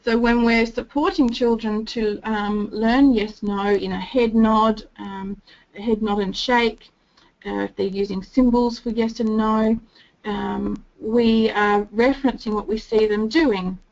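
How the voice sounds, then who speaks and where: Gravelly woman presenting a training talk. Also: fairly high pitch, steady tone, unhurried. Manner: explains steadily, acting out gentle sing-song phrases to a child. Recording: dull lo-fi recording.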